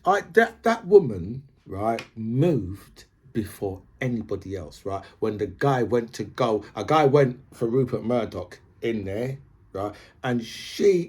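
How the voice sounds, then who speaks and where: Man, husky, loose off-the-cuff commentary, heavy "right?" habit. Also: mid-range voice. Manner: rambling, says "right?" constantly. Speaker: video commentator. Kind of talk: casual opinion monologue.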